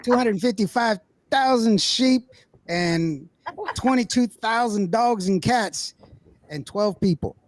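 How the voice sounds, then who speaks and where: A man's voice: sits high, slow, no echo. Joking Texas-country man hosting a talk show. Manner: joking, rambling, laughs often. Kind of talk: casual chat.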